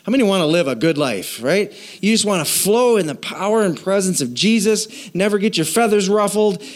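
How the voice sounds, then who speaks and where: A man preaching a sermon in an animated, conversational way, acting out quoted voices. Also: high voice, fairly quick. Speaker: pastor.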